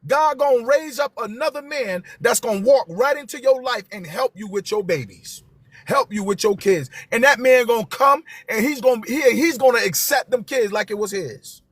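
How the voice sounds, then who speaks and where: A man's voice: extremely high pitch, normal speed, fairly bright tone, no room sound. A man, hosting a live stream and talking to viewers with passion, repeating his key phrases for emphasis.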